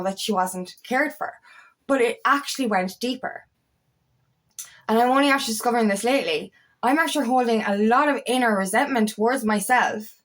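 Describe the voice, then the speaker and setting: Emphatic woman, fairly high voice. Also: fairly bright tone. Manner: emphatic, swears often, raises voice. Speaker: empowerment coach. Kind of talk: candid personal monologue.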